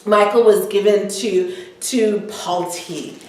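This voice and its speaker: A woman's voice: medium pitch, steady tone, takes it slowly. A woman teaching a women's Bible study, retelling scripture in casual everyday words with frequent ums. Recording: echoey room, voice from far off the mic.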